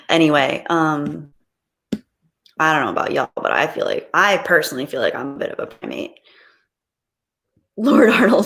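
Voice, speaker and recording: A woman's voice: low voice, animated, moderate pace, long pauses, a bit bright. A woman chatting casually on a live stream, rambling reflectively with frequent ums.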